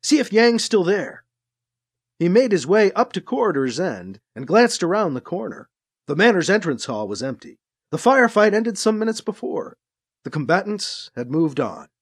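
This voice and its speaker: Lively audiobook narrator, reading an action story, voice swings a ton. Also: medium pitch, normal speed, husky. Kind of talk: scripted narration.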